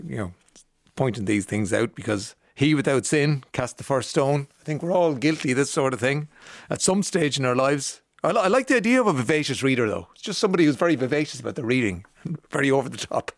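A man's voice: medium pitch, lively intonation, brisk, gravelly, no echo. A middle-aged Irish man hosting a radio show in a studio, chatting casually and laughing at his own stories. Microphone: studio microphone.

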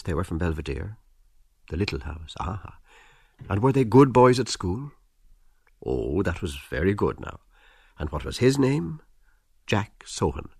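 A man narrating an audiobook in a measured, expressive literary reading. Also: sits low, gravelly, husky, no room sound, clean studio sound. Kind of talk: scripted narration.

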